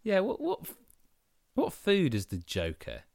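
A man co-hosting a podcast, full of puns and animated in casual banter. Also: high voice, measured pace, dry recording, clean studio sound. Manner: punning, animated. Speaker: podcast co-host.

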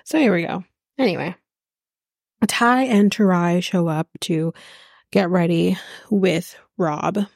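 A woman's voice: lowish voice, takes it slowly, creaky, pauses often, a little mellow, no room sound, studio quality. A woman hosting a podcast, recapping a reality show in a casual, sarcastic, blunt way with plenty of swearing. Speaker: podcast host.

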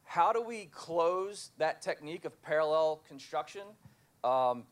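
A man's voice: a little high, expressive, unhurried. A man in the audience asking a question from the floor, hesitant and polite.

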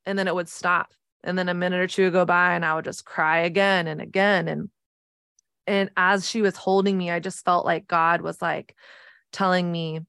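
A woman's voice: on the low side, level tone, normal speed, creaky, fairly bright tone, smooth, dry recording, studio quality. A woman in her thirties hosting a podcast, telling a personal story in an earnest, reflective way with many "like" fillers. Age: 30s. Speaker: podcast host.

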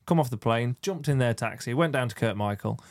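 A motorcycle racer telling stories as a podcast guest, laid-back and chuckling. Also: male voice, mid-range voice, expressive, a little fast, no room sound, clean studio sound. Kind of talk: casual storytelling chat.

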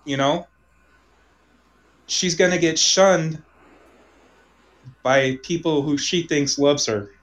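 A man from Omaha telling a personal story in casual conversation, rambling, restarting sentences and trailing off softly. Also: fairly high pitch, takes it slowly, long pauses, rough recording.

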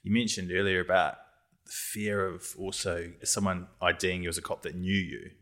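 Male interview host, very low voice, relaxed prompts and recaps. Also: moderate pace. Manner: short prompts and recaps of the guest's story. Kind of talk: casual interview.

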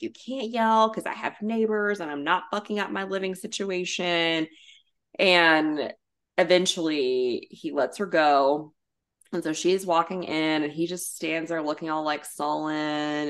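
Low-voiced blunt woman recapping a show. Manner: chatty and blunt, with frequent "like" and swearing. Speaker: podcast co-host. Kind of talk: casual recap of a reality show.

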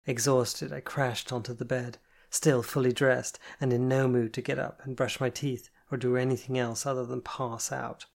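An audiobook narrator reading a first-person novel in a soft, even delivery. The voice sits at a middle pitch with a distinctly gravelly, creaky texture. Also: moderate pace, hardly any pauses.

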